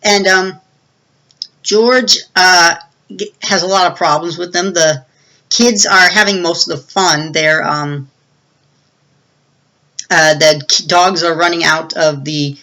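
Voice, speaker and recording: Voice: medium pitch, steady tone, takes it slowly, pauses often, pushed and bright, rough recording. A movie reviewer giving a casual, rambling plot recap with many fillers and restarts.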